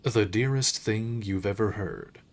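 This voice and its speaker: Slow-reading male game streamer. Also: on the low side, a little hiss or hum. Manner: measured, unhurried reading with occasional slips. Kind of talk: reading game narration aloud.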